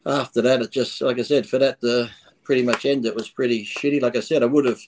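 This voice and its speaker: A man's voice: mid-range voice, fairly even intonation, fast talker, darkish tone, slight background noise. A man guesting on an interview, telling a story in a casual, laughing way with frequent swearing. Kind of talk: casual chat over a call.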